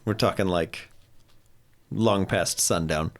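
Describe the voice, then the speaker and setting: A man's voice: sits low, takes it slowly. A man narrating a tabletop game as game master, playful and laughing often, dropping briefly into character voices.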